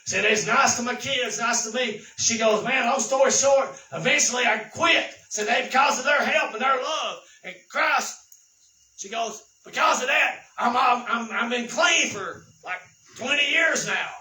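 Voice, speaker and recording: A man preaching a sermon, telling folksy stories and building to shouted exhortation. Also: very high voice, a little slow, reverberant, recorded from a distance, poor audio. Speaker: pastor.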